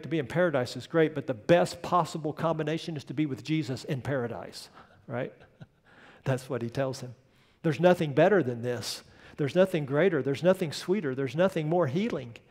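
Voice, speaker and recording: A man preaching a sermon as pastor, emphatic, building to loud peaks and then dropping soft. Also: on the high side, long reverb tail. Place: church sanctuary.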